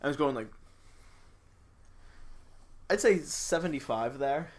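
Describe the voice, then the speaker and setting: A man's voice: on the high side, animated, slow, a crowd in the background. A young man, a podcast co-host, telling a story in casual chat with lots of filler words. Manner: rambling storyteller, many "like" fillers.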